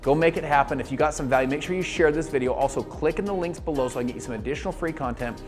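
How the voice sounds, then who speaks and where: Man, motivational network marketing coach, direct-to-camera, energetic, faint music under. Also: on the high side, racing. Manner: energetic, talks straight to the viewer, full of quoted voices. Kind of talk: motivational video talk.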